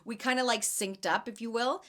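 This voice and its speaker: A young woman hosting a casual market podcast, chatting and telling stories with lots of fillers and animated asides. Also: fairly high pitch, moderate pace. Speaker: podcast host and jam vendor. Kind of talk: casual chat.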